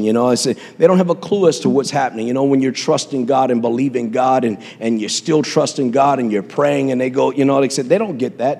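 A man's voice: mid-range voice, fast, hardly any pauses, a little mellow, long reverb tail. A man preaching a sermon as pastor, impassioned, with call-and-response asides to his congregation.

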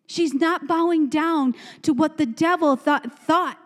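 A woman preacher speaks at a measured pace in a high voice, delivering a fervent call-and-response sermon full of repeated emphatic phrases aimed at the congregation. The setting is a church sanctuary, heard through a long church-hall reverb.

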